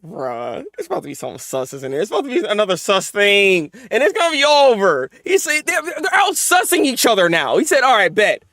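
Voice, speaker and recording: A man hosting a live manga reaction, talking in casual slang, often laughing and swinging between mumbled asides and loud excited outbursts. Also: sits high, brisk, hardly any pauses, no echo, studio quality.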